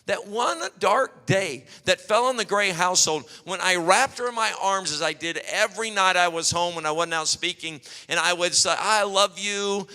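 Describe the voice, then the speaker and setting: A man preaching a sermon, telling animated stories and acting out quotes. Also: high-pitched. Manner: storytelling, animated, acts out quotes. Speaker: pastor. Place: church hall. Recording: long hall reverb.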